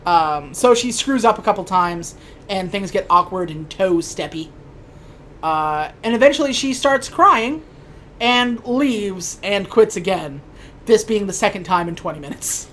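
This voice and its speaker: A woman's voice: mid-range voice, expressive, unhurried, a bit bright, a little hiss or hum. Wry, sweary woman recapping a movie. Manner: wry, sweary, acts out characters' lines. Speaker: podcast co-host. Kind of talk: casual chat recapping a movie.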